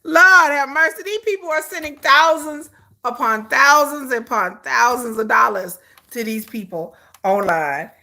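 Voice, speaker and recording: Bright high-voiced woman chatting on a live stream. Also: measured pace, creaky. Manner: animated, laughing, shrieks and squeals names at the screen; gossipy, talks straight to viewers as "girl". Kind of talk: casual live-stream chat. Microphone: phone or camera on a tripod.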